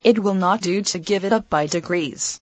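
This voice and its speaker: A woman reading a devotional text aloud in an earnest, measured, exhorting manner. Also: medium pitch, darkish tone, no echo, poor audio.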